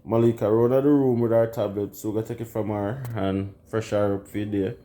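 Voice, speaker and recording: A man's voice: lowish voice, fairly even intonation, fairly quick, mellow, slight background noise. A young man with a Jamaican accent chatting casually to his viewers in a home kitchen, laid-back and laughing often. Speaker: vlogger. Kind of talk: casual vlog chat.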